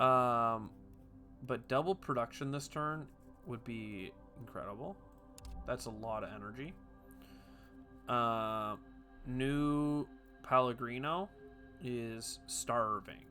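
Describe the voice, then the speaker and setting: A gaming video host gives loose, chatty commentary while playing a strategy game, throwing jokey asides at himself. His mid-range voice is bright and forceful, yet slow, with long pauses. Faint game music plays underneath.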